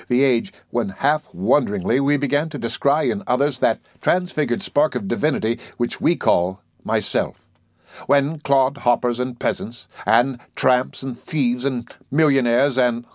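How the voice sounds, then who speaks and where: Male audiobook narrator, mid-range voice, expressive measured delivery, dry booth sound. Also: medium pitch, no room sound. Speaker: audiobook reader. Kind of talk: scripted narration of literary prose.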